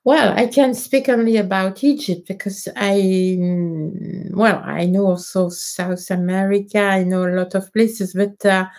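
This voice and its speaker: Slow-talking woman with a French accent. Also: medium pitch, a little mellow. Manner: hesitant, many fillers and restarts, nonnative phrasing. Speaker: livestream host answering viewer questions. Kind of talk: casual live Q&A.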